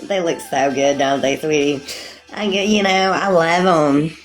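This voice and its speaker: A woman's voice: deep voice, measured pace. A woman in her forties chatting casually with livestream viewers, rambling, calling them sweetie and laughing often. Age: 40s.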